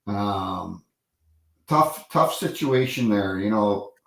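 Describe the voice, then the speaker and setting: A man's voice: fairly low pitch, expressive, takes it slowly, creaky, echoey room, rough recording. A man, a former referee, telling rambling anecdotes with many restarts and acted-out quotes in a casual interview.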